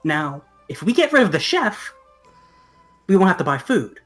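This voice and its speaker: A woman voicing a nervous, scheming gnome pirate captain who stammers and flatters. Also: lowish voice, moderate pace, soft background music.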